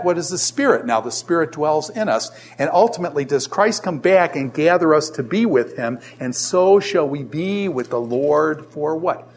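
A man's voice: fairly high pitch, a little hiss or hum. A middle-aged man lecturing a class on Scripture, often throwing rhetorical questions at his students. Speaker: Bible teacher.

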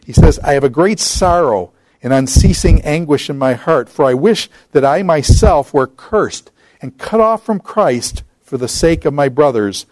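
A middle-aged man lectures on the Bible in an easy, conversational way. When he reads scripture aloud he slows down and raises his voice. The sound is dry and close, with no room echo. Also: fairly high pitch, expressive, a little mellow. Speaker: Bible teacher.

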